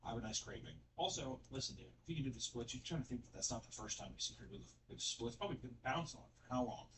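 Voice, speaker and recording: A man's voice: medium pitch, quick pace. A man giving casual, joking reaction commentary on viral videos, swearing freely and acting out quotes. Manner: profane, animated, joking. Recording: distant mic with steady background noise.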